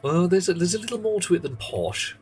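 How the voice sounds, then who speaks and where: A man's voice: high-pitched, lively intonation, brisk, husky, faint music behind, poor audio. Wry man streaming a game. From England. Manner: rambling, wry, with playful asides. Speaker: livestreamer. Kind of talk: casual gaming commentary.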